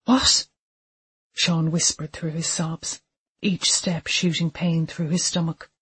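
Slow, husky woman narrating a story. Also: low-pitched, flat delivery. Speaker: audiobook narrator. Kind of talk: scripted narration of a dark thriller.

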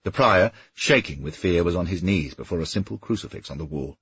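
A man narrating an audiobook in steady storytelling, with a husky voice. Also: low-pitched, brisk, no echo, muffled recording. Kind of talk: scripted narration.

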